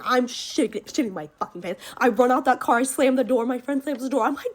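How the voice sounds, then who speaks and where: An eighteen-year-old woman telling a story in a casual, profane way, rushing through parts, laughing and shrieking when she acts out scenes. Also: on the high side. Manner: rapid, profane, laughing between lines, shrieking when reenacting.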